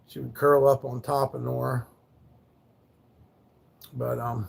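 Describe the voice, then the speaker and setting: A man's voice: mid-range voice, level tone, slow, vocal fry, slightly rough. A man telling rambling, profane stories on a casual livestream, laid back and loose. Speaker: live streamer.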